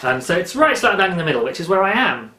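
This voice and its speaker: A man's voice: sits high, very animated, fast, reverberant, background noise. A man from England hosting a podcast, chatting casually and rambling with lots of asides. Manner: rambling, chatty, self-interrupting. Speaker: podcast host. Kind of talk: casual chat.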